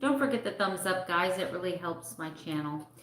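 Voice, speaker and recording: Middle-aged woman vlogger, candid and emotional live-chat host, lowish voice, roomy echo. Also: animated, moderate pace, fairly bright tone. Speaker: vlogger hosting a live stream. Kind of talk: casual live-stream chat.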